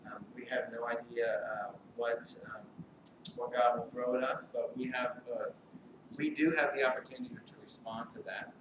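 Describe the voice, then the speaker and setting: A middle-aged man speaks at a memorial service, wandering through his memories with lots of fillers and restarts and a gentle, joking touch. His pitch sits in the middle range. The mic is some distance away in a reverberant hall, and there is steady noise in the background. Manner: halting, rambling, light humor, many fillers. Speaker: eulogist, family friend. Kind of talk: memorial speech.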